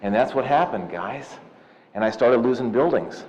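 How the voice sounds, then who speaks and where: A man of about fifty from Southern California, giving a lively, jokey seminar talk and telling stories to loan officers, often calling them "you guys.". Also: mid-range voice, normal speed. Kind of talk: live seminar talk with personal storytelling. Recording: echoey hall, dull lo-fi sound.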